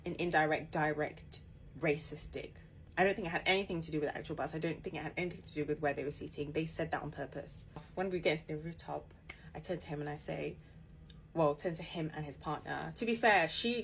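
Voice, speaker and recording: Animated low-voiced woman storyteller. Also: slight background noise, rough recording. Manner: animated, laughing bursts, quoting others in a hushed voice. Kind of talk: casual story time.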